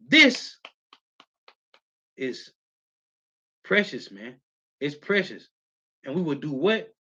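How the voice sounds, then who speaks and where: A man's voice: fairly high pitch, very animated, sharp tone, slight background noise. A man with a somewhat raised voice preaches in an emphatic, slangy way. He lingers over scripture lines and keeps tossing in "man" between thoughts. The audio is muffled and lo-fi. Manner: emphatic, slangy, calls listeners "man", reads scripture slowly. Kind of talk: street-style scripture teaching, reading verses.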